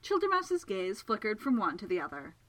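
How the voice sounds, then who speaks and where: A woman reading a novel aloud with an expressive, lively delivery, her pitch moving freely through the sentences. Her voice is bright and clear, with a crisp, forward tone. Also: moderate pace, poor audio. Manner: expressive storytelling. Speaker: audiobook narrator. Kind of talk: scripted narration.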